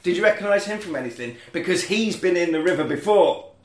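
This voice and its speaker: A man, hosting a casual podcast and recapping a film with lively put-on voices for the characters. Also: high-pitched, quick pace, roomy sound. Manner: animated, acts out film lines in put-on voices. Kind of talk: casual chat.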